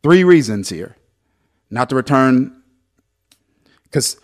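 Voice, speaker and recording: A man preaching a sermon as pastor, swinging between loud, lively exhortation and softer storytelling. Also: medium pitch, slow pace.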